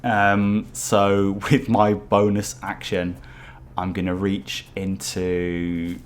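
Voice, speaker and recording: A man's voice: low-pitched, monotone, very slow. A man playing a tabletop game, eager and chatty, hesitating with fillers as he plans his moves. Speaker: player. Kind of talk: casual tabletop game play.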